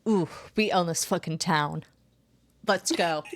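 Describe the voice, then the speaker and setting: A woman's voice: fairly low pitch, slow pace, slight background noise. A woman playing a tabletop game, joking casually and talking in an easygoing way.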